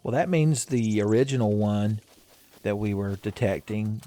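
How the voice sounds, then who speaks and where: A man's voice: on the low side, unhurried, warm tone, slight background noise. Jokey rambling man playing a game. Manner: rambling, jokey, laughs often. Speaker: let's play host. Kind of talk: casual gameplay commentary.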